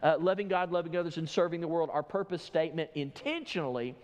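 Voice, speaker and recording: A man's voice: on the high side, expressive, fast, in a large hall. A male pastor preaching a sermon, walking through a Bible passage verse by verse and telling listeners what to underline. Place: church sanctuary.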